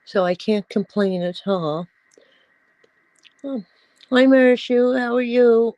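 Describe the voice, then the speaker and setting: A woman's voice: fairly high pitch, slow pace, warm tone, dry recording, dull audio. A middle-aged woman hosting a casual livestream, chatting in a rambling way and cooing at her pets. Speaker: livestream host.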